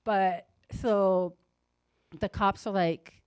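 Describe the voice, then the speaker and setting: A woman co-hosting a radio talk show, telling a story in a casual, animated way with lots of "like" and "you know", and acting out the other people's voices. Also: drawn-out words, clean tone, no echo. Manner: animated, acts out quoted voices with big pitch jumps.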